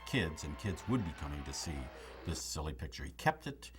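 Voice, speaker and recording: Older guy, real low husky voice, dry jokey stories, bounces around in pitch. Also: a little fast, music in the background. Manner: dry, joking, deadpan asides. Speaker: comedic actor recalling a film. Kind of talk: reminiscing interview.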